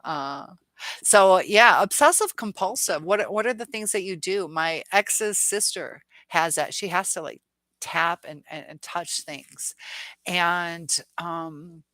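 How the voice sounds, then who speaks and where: A middle-aged woman with a bright, forceful voice that sits fairly low, hosting a casual live stream. She chats freely, reads viewers' comments aloud and laughs often. The sound is dry and close, with little room around it. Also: slow, no echo. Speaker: live chat host.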